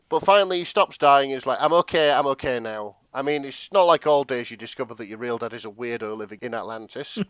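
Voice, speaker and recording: A man's voice: medium pitch, brisk, no room sound. A man co-hosting a comedy podcast, retelling a fanfic with a lot of laughter. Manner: animated, laughing often. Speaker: podcast co-host.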